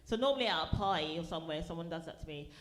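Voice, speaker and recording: A London comedian performs a punchy, sassy stand-up set for a small live audience at a comedy venue. Her low-pitched voice is animated and she races along. The echoey live recording carries faint noise.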